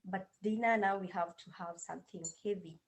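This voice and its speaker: A woman's voice: medium pitch, steady tone, a little fast, rough recording. A woman with a Kenyan accent, a guest in a casual interview, speaking hesitantly with many fillers and restarts over a video call. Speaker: guest language teaching assistant.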